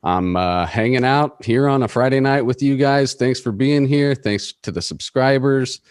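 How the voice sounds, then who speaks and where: A man's voice: medium pitch, normal speed, darkish tone, clear, resonant tone, no room sound. A man hosting a podcast, chatting in a laid-back, casual way and swearing now and then. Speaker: podcast host. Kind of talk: casual chat.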